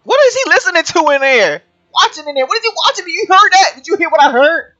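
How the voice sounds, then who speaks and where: A man's voice: extremely high pitch, very animated, quick pace, bright, forceful tone, highs cut off, soft background music. A young man hosting a let's play, joking and incredulous, laughing often and using slang. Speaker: gaming video host.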